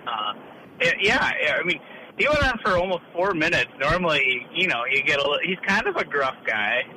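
A man calling into a sports radio show, rambling with laughs and halting starts. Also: a little high, sing-song, pushed and bright, slight background noise, low-quality recording. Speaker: caller. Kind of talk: casual call-in chat.

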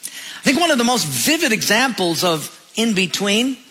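A man preaching a sermon with a high, bright voice, telling stories in a lively way. He lets his voice fall low and soft at the close of key phrases. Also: moderate pace, slightly rough. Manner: storytelling, drops low and soft at phrase ends. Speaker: pastor.

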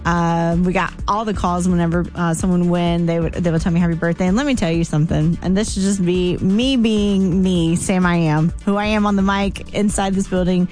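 A woman's voice: lowish voice, steady tone, fairly quick, few pauses, darkish tone, faint music behind. A woman hosting a morning radio show in a studio, talking in a chatty, effusive way with plenty of ums and some playful teasing. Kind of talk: casual on-air chat.

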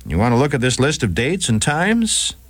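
A man's voice: medium pitch, huge pitch swings, moderate pace, no room sound. A man voicing a stern male narcotics supervising agent in a radio story. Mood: confident.

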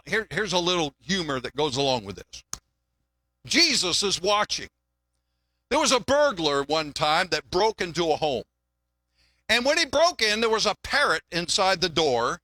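A man's voice: high voice, very animated, a little slow, pauses often, sharp tone, no echo. An older man preaching a sermon in a folksy, conversational way, often restarting his words and mixing in jokes. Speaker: pastor.

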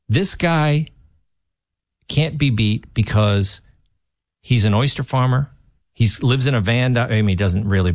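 A man's voice: lowish voice, dry recording, clean studio sound. Opinionated male talk radio host. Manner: opinionated, emphatic, with frequent restarts. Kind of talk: political talk radio commentary.

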